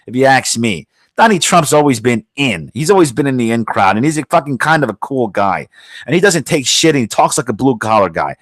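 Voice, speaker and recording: A man's voice: medium pitch, fairly bright tone, dry recording. Rambling, foul-mouthed male podcast host. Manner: rambling, swears a lot, many fillers. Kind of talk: casual profane political rant.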